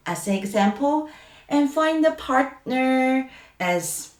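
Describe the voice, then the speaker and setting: Woman teaching pinyin, unhurried drill delivery, roomy echo. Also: sits high, animated. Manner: drawn-out syllable drills, many fillers. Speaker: Chinese language teacher. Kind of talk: slow pronunciation lesson.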